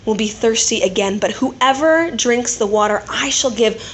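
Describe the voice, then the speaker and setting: A woman preaching who voices Jesus as a gentle man offering comfort, speaking calmly and tenderly. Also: on the high side, normal speed, natural voice. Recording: echoey room, faint noise.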